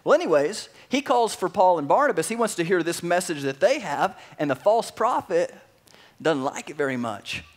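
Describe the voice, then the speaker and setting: A male pastor with a high-set voice preaching in a relaxed, chatty style. He retells scripture like a campfire story, full of slang and asides. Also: normal speed. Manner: casual, animated storytelling with slang. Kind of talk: sermon.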